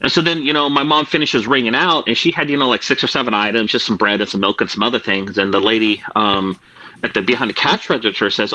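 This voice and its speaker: Bright-voiced man spinning a long joke story. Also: fairly low pitch, fast, poor audio. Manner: playful, rambling prank-story delivery with many fillers. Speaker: storyteller in an online group call. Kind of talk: casual anecdote told to a group.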